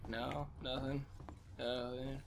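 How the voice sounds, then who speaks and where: A man with damaged vocal cords talking quietly and low as he commentates a game he is playing, coughing often. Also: flat delivery, slow, creaky, noisy background. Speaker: let's play host. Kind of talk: gameplay commentary. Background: game sounds and music.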